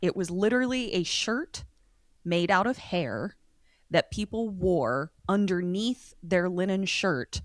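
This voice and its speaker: Woman cohost rambling and joking, lowish voice, super dry mic. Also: expressive, slow, no echo. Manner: chatty, jokey, trails off and restarts. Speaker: podcast co-host. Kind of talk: casual chat.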